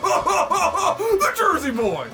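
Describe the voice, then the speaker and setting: A performer voicing a loud, boisterous family friend in a game, gushing with drawn-out shouts. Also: very high voice, wildly swooping pitch, exaggerated voice. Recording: game audio with loud music behind.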